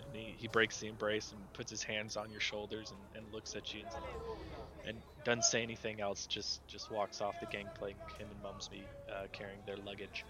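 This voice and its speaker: A man narrating a tabletop game as game master, in a relaxed, rambling way. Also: on the low side, normal speed.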